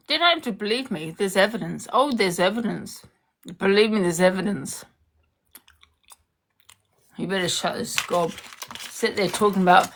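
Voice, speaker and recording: A young woman delivers a heated social media rant. Her voice has a gravelly, creaky edge. She is confrontational and hammers points home by repeating herself. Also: mid-range voice, measured pace, long pauses, a bit bright.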